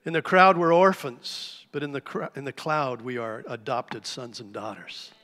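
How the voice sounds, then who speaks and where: A man preaching a sermon to a church congregation, telling a story with lively, animated delivery. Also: mid-range voice, normal speed. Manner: animated storytelling, acts out shouted cries. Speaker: pastor. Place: church sanctuary. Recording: live church hall reverb.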